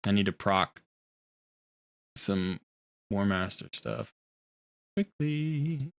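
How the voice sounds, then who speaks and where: A man's voice: on the low side, animated, very slow. A man streaming a video game live, talking casually in a rambling, easygoing way and often correcting himself.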